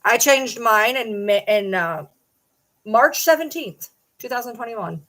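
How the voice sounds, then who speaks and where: Middle-aged woman, vlog host, sarcastic rant, fairly high voice. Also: animated, measured pace, a bit bright. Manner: indignant, sarcastic, challenging. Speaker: channel host. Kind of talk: casual vlog rant to viewers.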